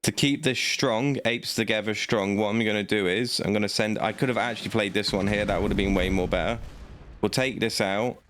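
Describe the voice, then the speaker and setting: A man's voice: lowish voice, steady tone, brisk, a bit bright. A man, giving cocky, trash-talking commentary as he plays a card game. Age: late 20s. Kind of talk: gameplay commentary.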